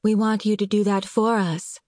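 A woman narrator voicing a glum, blunt young woman who talks in a flat, matter-of-fact way. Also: medium pitch, moderate pace, no echo, clean studio sound, close to an everyday voice. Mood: insistent.

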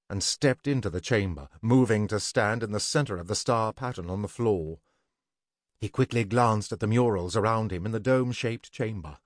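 A man narrating a scripted fantasy story in an even, deliberate way. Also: medium pitch, no room sound, clean studio sound.

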